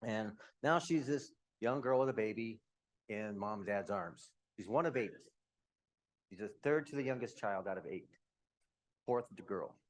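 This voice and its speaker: A man in his fifties from Utah, candidly telling his own life story to a room, with quick asides. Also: lowish voice. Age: 50s. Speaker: speaker. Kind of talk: personal story talk.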